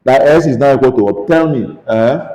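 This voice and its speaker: A man's voice: mid-range voice, normal speed, dark tone, roomy sound, rough recording. A man with a Nigerian English accent teaching a physics lesson, questioning students and coaxing them to answer aloud. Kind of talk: classroom lesson with call-and-response questions.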